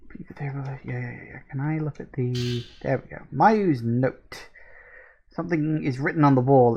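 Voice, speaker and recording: Man, let's-play gamer, wry jokes, casual commentary, reads text aloud, mid pitch. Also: moderate pace, creaky, slightly rough, lo-fi sound.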